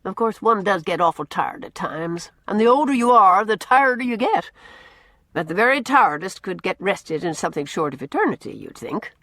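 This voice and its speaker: A woman voicing a brisk, outspoken older village woman with blunt, gossipy opinions. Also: medium pitch, animated, fairly bright tone, no echo, natural voice. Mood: musing.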